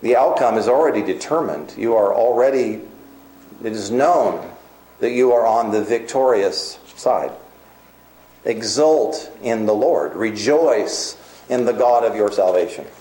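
A man delivering a sermon, earnest and emphatic, slowing down for key points and speeding up in others. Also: fairly low pitch, expressive, mellow, echoey room, low-quality recording. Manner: earnest, emphatic preaching with varied pace. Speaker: preacher.

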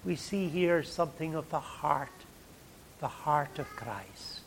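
A man preaching a sermon in a dramatic way, dropping to a hush and then rising loud. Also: on the high side, animated, takes it slowly, creaky, a little hiss or hum. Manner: dramatic, swings from hushed to loud.

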